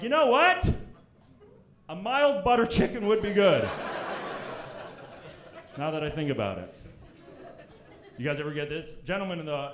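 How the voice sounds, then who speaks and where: A young Canadian man doing a crude, brash stand-up set on a club stage, jumping into loud high voices when he quotes people. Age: young adult. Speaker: stand-up comedian. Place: comedy club stage before a live audience. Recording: echoey room with crowd laughter.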